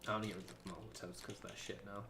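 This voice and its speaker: A man's voice: fairly low pitch, level tone, fast talker, vocal fry, background noise. A man streaming a game, chatting casually in a rambling, sweary way with lots of fillers. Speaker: gaming streamer. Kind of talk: casual chat while playing.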